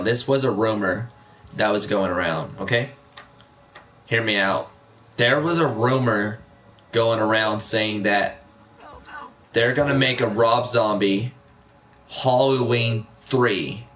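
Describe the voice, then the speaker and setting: A man's voice: on the low side, slow, long pauses, a bit bright. A young man chatting casually on a live stream, rambling with many fillers and repeating himself.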